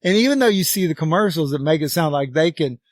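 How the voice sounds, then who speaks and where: A man's voice: on the high side, expressive, fast talker, dry recording, clean studio sound. A middle-aged man with an Oklahoma accent, co-hosting a casual podcast chat in a rambling, emphatic way, stretching words for effect. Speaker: podcast co-host.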